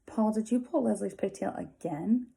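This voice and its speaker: A woman's voice: medium pitch, moderate pace, vocal fry, dark tone. A woman voicing a stern schoolteacher who sharply questions a pupil.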